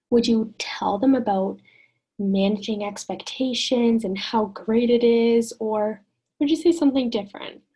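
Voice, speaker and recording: A woman teaching an online lesson in a gentle, encouraging way, often putting questions to the listener. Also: a little high, husky.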